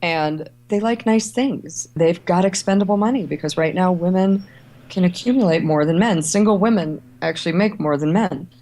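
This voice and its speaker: This middle-aged travel writer and editor, with roots in Ohio and Kentucky, talks at a moderate pace in a lowish register. Guesting on a conversational interview, she's an animated storyteller who mimics the people she quotes.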